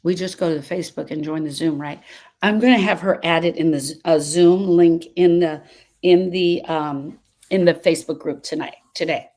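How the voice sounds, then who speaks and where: Woman grief coach on a live stream, talks to viewers, repeats stuff for emphasis, kinda low voice. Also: normal speed, a little mellow. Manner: emphatic and repetitive, restating points, prone to sidetracks. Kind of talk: live-stream talk answering viewer comments.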